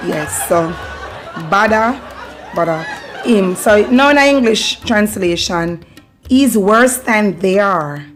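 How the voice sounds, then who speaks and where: A woman's voice: mid-range voice, animated, takes it slowly, soft background music, a faint crowd. A Jamaican woman hosting her channel, teaching patois in a casual way, laughing often and slipping between patois and English. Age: adult parent. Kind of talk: casual patois lesson and devotional talk.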